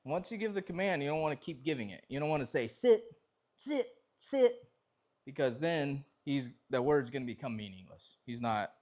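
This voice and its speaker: A man with a light drawl talks through dog obedience training in a loose, easygoing way. He rambles a little, trips over his own sentences and picks them back up as he demonstrates. His voice sits at an ordinary, middle pitch for a man. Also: a little fast, few pauses. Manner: relaxed, rambling explanations with restarts and fillers.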